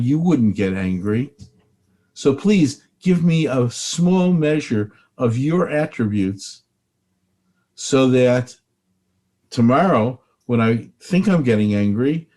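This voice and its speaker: A man's voice: medium pitch, a little mellow. An older man, a rabbi and spiritual teacher, speaking earnestly in an interview and repeating phrases for emphasis.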